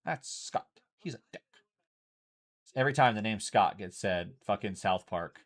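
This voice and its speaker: A man's voice: lowish voice, lively intonation, unhurried. Casual, swearing male streamer. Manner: loose and chatty, swears freely. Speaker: streamer teaching a card game. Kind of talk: casual chat while playing.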